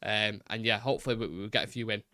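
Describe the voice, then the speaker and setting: A man's voice: on the low side, steady tone, fast talker, bright, forceful tone. A man hosting a live football fan stream, chatting casually and rambling, swearing now and then.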